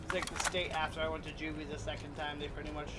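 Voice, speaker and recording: A man's voice: on the high side, monotone, fast talker, heavy background noise. A man in his thirties streaming a game, talking in a brash, profane, casual way. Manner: brash, profane, laughs at own stories. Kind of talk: casual chat while gaming. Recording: loud game gunfire over the voice.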